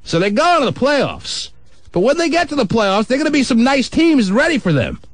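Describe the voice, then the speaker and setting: A middle-aged man hosting a call-in radio show, teasing callers with quick, wry banter. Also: very high-pitched, very animated, no echo. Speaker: radio talk show host. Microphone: studio microphone.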